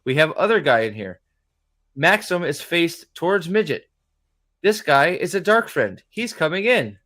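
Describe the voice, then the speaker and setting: A man's voice: fairly high pitch, sing-song, a little slow, pushed and bright. A young man hosting a show review, giving profane, exasperated, sarcastic reaction commentary as he watches an episode.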